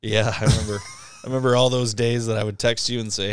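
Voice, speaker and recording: A man's voice: lowish voice, little pitch movement, quick pace, a little hiss or hum. A man co-hosting a podcast, telling stories among friends in a laughing, profane manner. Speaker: podcast co-host. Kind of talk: casual banter.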